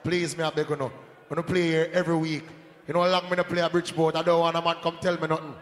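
A man with a Jamaican accent hyping a live dance as sound system selector, shouting and joking with the crowd over a handheld mic. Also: fairly high pitch, flat delivery, fast. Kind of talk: live hype talk at a dance. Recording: echoey hall, faint crowd noise.

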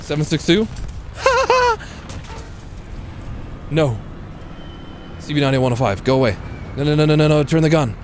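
A man's voice: fairly high pitch, wildly swooping pitch, unhurried, pauses often, slight background noise. A young man commenting on a live tank game stream, swearing, sarcastic and chatting with viewers.

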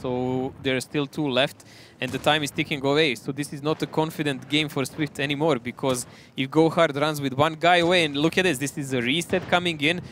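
Bright-toned male esports co-caster. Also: a little high, fairly quick, hardly any pauses, a little hiss or hum. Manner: analytical, erupts into excited shouts. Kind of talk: live color commentary.

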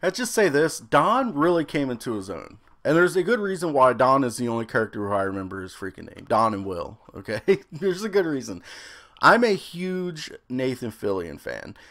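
Excitable rambling man reviewing a series. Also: mid-range voice, moderate pace. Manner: excitable, rambling, swears freely. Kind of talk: casual review vlog.

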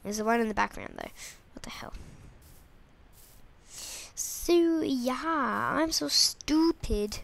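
A goofy, excitable woman narrates her game as she plays, chattering to herself and her viewers. Her voice sits high and swings widely, with a bright, gravelly edge, and she takes her time. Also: slow, pauses often. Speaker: gamer. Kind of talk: let's play commentary.

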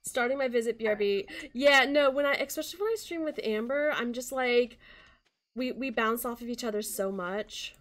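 A woman's voice: fairly high pitch, moderate pace, fairly bright tone. Chatty woman hosting a game stream. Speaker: streamer and channel host. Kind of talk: casual gaming stream chat.

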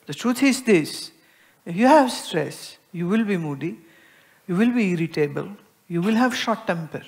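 An Indian-accented woman delivering a spiritual discourse to an audience. She speaks with lively expression, dropping to a soft hush and then rising to emphasis as she explains, often acting out little everyday exchanges. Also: lowish voice, normal speed. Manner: expressive, acts out everyday dialogues, swings between soft and emphatic. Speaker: spiritual teacher.

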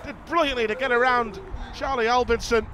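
A man commentating on football match highlights, calm between chances and jumping up loud at goals. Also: a little fast. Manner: rises sharply and loud when goals go in. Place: outdoors at a windy football ground.

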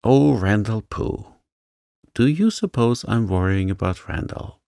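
A man voicing a spirited, quick-tempered young woman who speaks sharply and dismissively. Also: on the low side, animated, vocal fry, dark tone, no echo, clean studio sound. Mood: excited, scornful.

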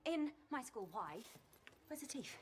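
An actress playing a brisk, blunt young woman companion in a TV series. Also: sits high, sing-song, slight background noise. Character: sharp-tongued young woman companion, bossy. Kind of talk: TV series acting. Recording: TV clip with loud score.

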